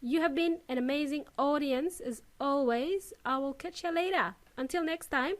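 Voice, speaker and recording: A woman hosting a podcast English lesson, demonstrating pronunciation clearly and signing off cheerfully. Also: high-pitched, moderate pace, faint music behind. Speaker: podcast host and English teacher.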